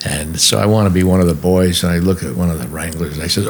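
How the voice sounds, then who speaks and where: A low, gravelly older man spins stories as a podcast guest, slipping into the voices of the people he quotes. A faint hiss sits under his voice. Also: fairly quick, few pauses. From New York. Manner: lively storyteller who acts out the people he quotes. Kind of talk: storytelling anecdotes. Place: podcast studio.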